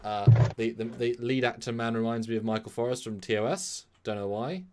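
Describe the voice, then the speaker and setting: A man co-hosting a casual chat, recapping a story from memory in a rambling, animated way with sudden jumps in pitch. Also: a little fast, clear, resonant tone. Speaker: podcast co-host recapping an episode from memory.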